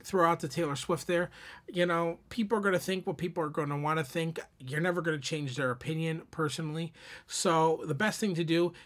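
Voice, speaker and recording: Animated young man telling his story. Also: fairly high pitch, a little fast. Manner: animated and expressive, many repeated words. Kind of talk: personal storytelling to camera.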